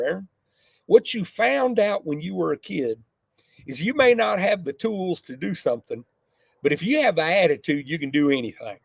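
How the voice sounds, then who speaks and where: A middle-aged man, a podcast guest telling a folksy, animated story from his childhood. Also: high-pitched, gravelly, husky, dry recording. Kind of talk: casual storytelling.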